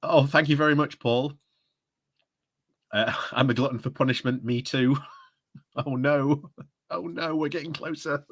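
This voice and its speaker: A man's voice: on the high side, fairly even intonation, unhurried, pauses often, breathy edge. A man hosting a casual live stream, chatty and often breaking into laughter as he talks. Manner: giggly, chatty, often laughing mid-sentence.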